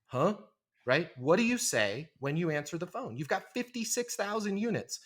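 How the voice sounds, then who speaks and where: A middle-aged man talks with a forceful, emphatic drive on a podcast interview. He coaches like a trainer, slipping into quick quoted voices to act out phone calls. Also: high voice, very animated. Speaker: leasing trainer, podcast guest. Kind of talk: energetic podcast interview talk.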